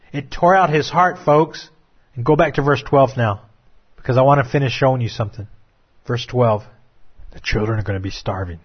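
A man preaching a sermon with impassioned, drawn-out dramatic phrasing. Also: mid-range voice, husky, highs cut off.

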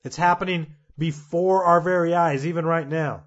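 A man's voice: a little high, fairly even intonation, normal speed, muffled recording. Earnest man telling prophetic dreams. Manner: earnest, grows fervent and emphatic. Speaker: preacher recounting prophetic dreams. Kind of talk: impassioned prophetic monologue.

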